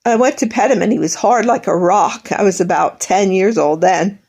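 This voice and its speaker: A woman's voice: mid-range voice, normal speed, darkish tone, husky. A middle-aged woman in an emotional monologue, bitter and accusing, rambling, her voice breaking into tears.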